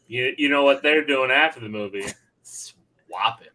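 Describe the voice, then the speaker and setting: Bright-voiced teasing man. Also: mid-range voice, measured pace, rough recording. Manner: teasing, joking interjections. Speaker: podcast co-host. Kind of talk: casual chat.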